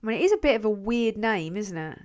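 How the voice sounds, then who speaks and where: A woman's voice: medium pitch, animated, quick pace, a little mellow. A young English woman chats loosely on her livestream. She drifts from topic to topic, swears without a second thought and laughs easily while she answers her viewers. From England. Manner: swears freely, rambling, laughs often. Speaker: channel host reading live chat. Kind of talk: casual livestream chat.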